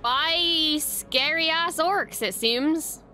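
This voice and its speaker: Woman, reaction video host, bright tone, a bit high, excitable, gushing, swears a lot. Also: very slow, soft background music. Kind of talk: live reaction commentary.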